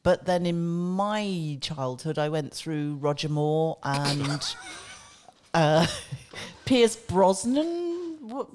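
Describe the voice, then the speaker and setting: A woman's voice: deep voice, background noise. A woman co-hosting a casual podcast, encouraging the guest and joining in easily. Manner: lively, encouraging, quick to laugh along. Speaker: podcast co-host.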